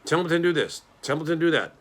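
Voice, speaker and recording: A man's voice: a little high, lively intonation, fast, pitched above the performer's own voice. A man voicing a grumpy, selfish male rat who talks in a mocking, complaining way. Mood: disgusted.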